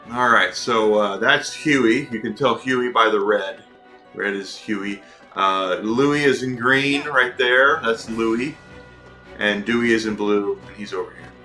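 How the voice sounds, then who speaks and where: A man's voice: lowish voice, sharp tone. A man doing casual let's play commentary, chatting with viewers as he plays. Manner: chatty, reads and answers chat. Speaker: gaming video host.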